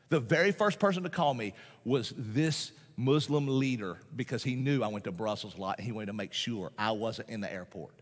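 A man's voice: medium pitch, breathy edge. A man, a Baptist pastor, preaching a sermon in a folksy, emphatic way, often repeating phrases and laughing between points. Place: large church auditorium. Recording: long hall reverb.

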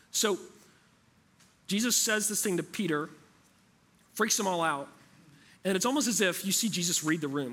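A man's voice: on the high side, a bit bright, breathy edge. A man preaching a sermon as pastor, talking in a conversational way and asking the room rhetorical questions.

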